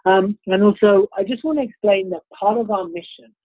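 Speaking a little fast in a high voice, a British keynote speaker gives a cheerful motivational talk that promotes himself, his nose a bit stuffy and sniffly. There's no echo on the dry, tinny, phone-like recording.

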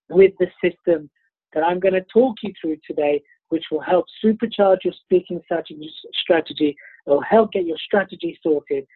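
A man's voice: high-pitched, moderate pace, slightly rough, no echo. A British man giving an upbeat, self-promoting keynote talk, slightly congested with the sniffles. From United Kingdom. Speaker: keynote speaker. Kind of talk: motivational presentation. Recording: tinny phone-like dry line.

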